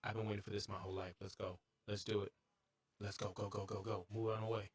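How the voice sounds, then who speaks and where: A man streaming a game live, excitable and jokey, breaking into bits of song and sudden high-pitched yelps. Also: quick pace, breathy edge. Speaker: gaming streamer. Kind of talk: live gameplay commentary.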